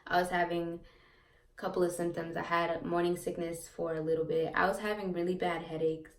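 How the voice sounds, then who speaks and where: This young woman vlogs a personal story in a low, creaky voice that barely changes pitch and runs a little fast. It's a casual, meandering chat packed with fillers and repeated words, recorded off-mic in a room with echo.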